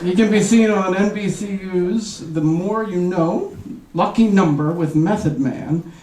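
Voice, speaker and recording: A man's voice: high-pitched, a little slow. A man emceeing a comedy show, introducing the next act with upbeat, joking remarks. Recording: echoey room, distant mic, audience noise.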